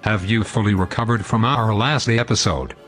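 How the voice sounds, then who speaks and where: Pompous sarcastic male host, low voice. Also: moderate pace, fairly bright tone, faint music behind. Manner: pompous, long-winded and sarcastic. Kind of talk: scripted comedy banter.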